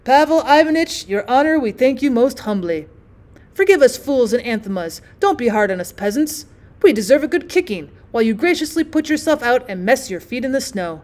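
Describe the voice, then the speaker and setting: A woman's voice: high-pitched, animated, brisk, darkish tone. A woman reading the part of an anxious old peasant turner who mutters, pleads and rambles. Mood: humble. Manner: pleading, rambling, self-pitying.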